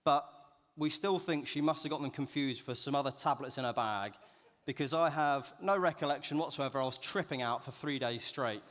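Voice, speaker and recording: Young man, keynote co-speaker, self-deprecating humour, medium pitch, hall reverb. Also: a little fast, fairly bright tone. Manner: self-deprecating, joking delivery. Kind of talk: storytelling keynote talk. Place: large conference hall.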